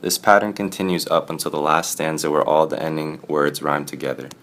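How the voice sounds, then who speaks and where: A man reading a poem aloud and then presenting a poetry analysis for class in a plain, steady way. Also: extremely low pitch, brisk.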